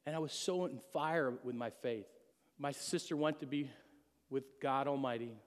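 A man's voice: mid-range voice, normal speed. A middle-aged man giving an earnest, emotional personal testimony to a church congregation. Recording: long hall reverb.

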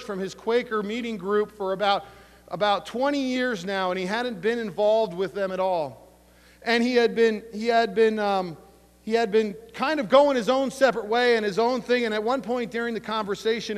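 A male pastor preaching a sermon, emphatic, with slow dramatic pauses and retold conversations. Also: high-pitched. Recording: long hall reverb.

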